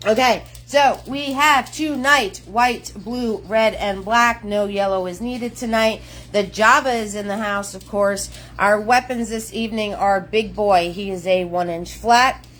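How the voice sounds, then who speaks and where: A middle-aged woman hosting a live painting class, greeting viewers by name in a bubbly, chatty way. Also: mid-range voice. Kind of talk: casual livestream painting lesson.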